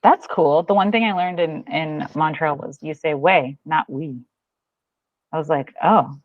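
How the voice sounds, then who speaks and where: A woman's voice: deep voice, normal speed, no echo. A woman from Florida, a podcast guest chatting in an easygoing, giggly way. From Florida, USA. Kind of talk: casual chat. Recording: dull, dry sound.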